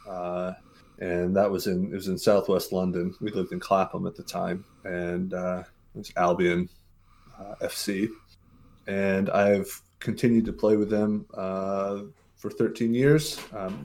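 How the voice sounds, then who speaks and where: Telling casual stories in a podcast interview, a man in his forties from Mississippi, USA, uses lots of fillers and keeps restarting. He has a deep, slightly mellow voice.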